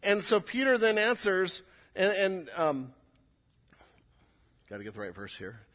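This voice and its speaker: A man's voice: high-pitched, sing-song, unhurried, fairly bright tone. A man preaching a sermon, acting out quoted lines with rising intensity. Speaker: pastor.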